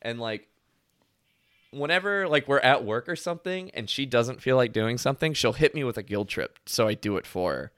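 A man's voice: medium pitch, expressive, normal speed, fairly bright tone, dry recording, clean studio sound. A man telling stories in casual chat, rambling with lots of "like" and frequent laughter.

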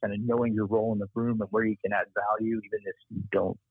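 A Texas-accented man, a marketing strategist guest, talks fast in a fairly low, breathy voice while relating stories from his marketing work in a casual interview. He acts out the quoted voices with animation, over a tinny, phone-like line with no echo.

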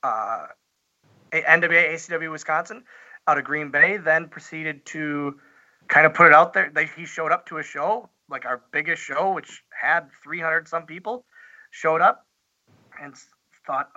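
Bright-voiced man telling wrestling-start stories. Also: a little high, muffled recording. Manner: halting, lots of fillers and restarts, chuckles. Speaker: guest, professional wrestler. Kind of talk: casual storytelling interview.

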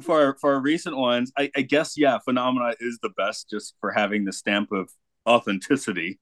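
A man's voice: medium pitch, steady tone, moderate pace, a bit bright. A man talking films on a podcast in a hesitant way, with many fillers and restarts. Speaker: podcast panelist. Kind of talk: casual film chat.

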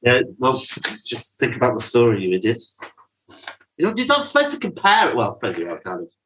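A man co-hosting a chatty podcast, his pitch jumping about as he teases and bosses his co-host. He is quick to mock and pushes the conversation along. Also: huge pitch swings, background noise. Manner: teasing, bossy, quick to mock. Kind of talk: casual chat reviewing songs.

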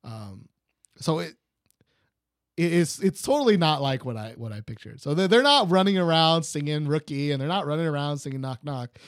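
A man's voice: a little high, big pitch swings, normal speed, no room sound, studio quality. A young man from Texas with a Texan accent, hosting a podcast in loose casual chat, rambling with many restarts. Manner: rambling, many restarts and fillers, laughs at himself. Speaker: podcast host.

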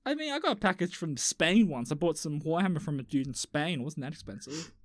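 A woman's voice: sits low, lively intonation, brisk. A woman podcast host, chatting casually in a sarcastic, teasing way and swearing now and then. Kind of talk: casual chat.

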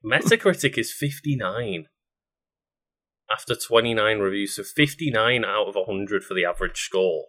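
A man co-hosting a casual podcast chat, reading out film facts with frequent ums and pauses. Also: on the low side, lively intonation, sharp tone. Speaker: podcast co-host.

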